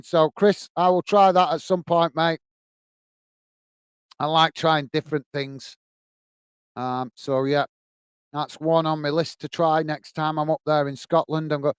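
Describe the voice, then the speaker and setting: A man's voice: fairly high pitch, clear, resonant tone, no room sound. A man from England hosting a football watch-along, chatting casually and reading out viewer comments with friendly thanks. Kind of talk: casual live-stream chat.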